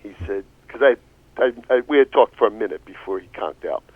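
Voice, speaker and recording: Philly radio co-host, a bit low, lively storyteller, tinny lo-fi line. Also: male voice, brisk, breathy edge, no room sound. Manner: animated, laughing storyteller, swears casually. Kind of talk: casual storytelling chat. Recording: tinny phone-like radio audio.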